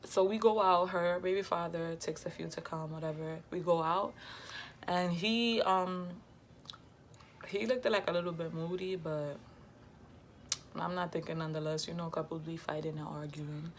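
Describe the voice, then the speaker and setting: A young woman, telling a casual storytime in a lively, slangy way and quoting herself and others. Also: lowish voice, normal speed, a little hiss or hum. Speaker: vlogger.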